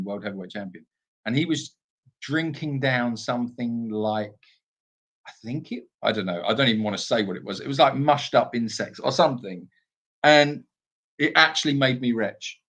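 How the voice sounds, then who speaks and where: A British man with a medium-pitched, fairly bright voice co-hosts a relaxed live Q&A from an animal sanctuary. He rambles, filling his speech with fillers and restarts.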